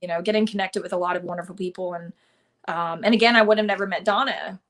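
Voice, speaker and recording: A woman's voice: fairly low pitch, fairly even intonation, fast, a bit bright. A woman, a country singer, talking casually in a live interview over a video call, with lots of fillers and restarts. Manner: chatty, many fillers and restarts. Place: home in Nashville, live stream.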